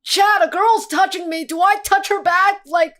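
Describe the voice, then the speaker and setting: A woman's voice: very high voice, steady tone, normal speed, fairly bright tone, pitched above the performer's own voice. A woman voicing a flustered, stiff young male game hero who panics and pleads for help. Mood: panicky.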